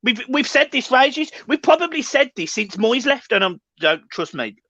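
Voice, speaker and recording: A man's voice: extremely high pitch, sing-song, moderate pace, pushed and bright, dry recording. A man co-hosting a fan channel, agitated and swearing, stumbling over words in a football reaction chat. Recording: dry, dull lo-fi sound.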